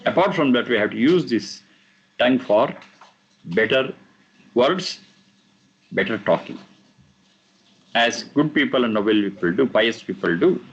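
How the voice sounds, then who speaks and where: A man teaching a class on scripture, explaining verses slowly and repeating the recited lines. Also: mid-range voice, expressive, gravelly, husky, highs cut off. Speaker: teacher of Vedic texts.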